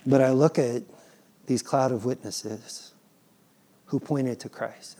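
A man in his thirties, a father, preaching a sermon in an animated, playful way and acting out his children's pleading. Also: mid-range voice, takes it slowly, long pauses. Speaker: pastor.

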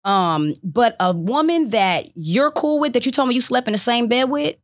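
A woman co-hosting a casual podcast chat, telling stories in an animated way and acting out what people said. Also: a little high, moderate pace. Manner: animated storytelling, acting out quotes. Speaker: podcast co-host.

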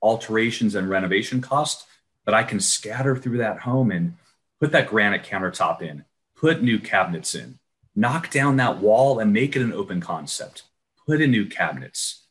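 A man with a somewhat low voice leads a webinar over a video call. He coaches with energy and keeps breaking into little acted-out exchanges with clients. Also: expressive, moderate pace, a bit bright. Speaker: renovation loan trainer. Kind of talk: webinar presentation.

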